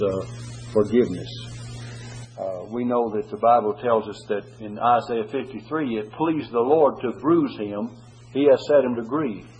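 An earnest male preacher of middle pitch delivers a sermon. He swells and slows on scripture quotes, then drops back to plain teaching. Frequent "uh" pauses break up his thoughts. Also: rough recording.

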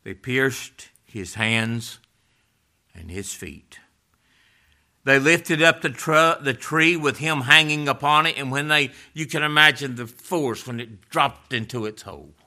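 A middle-aged man preaching a sermon, swinging between loud passionate stretches and hushed, almost whispered words. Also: medium pitch, unhurried, few pauses.

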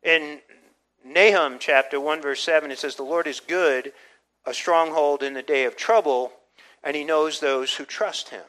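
A man's voice: a little high, unhurried, fairly bright tone, low-quality recording. An older man, a pastor, preaching a conversational sermon with frequent restarts and asides. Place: church.

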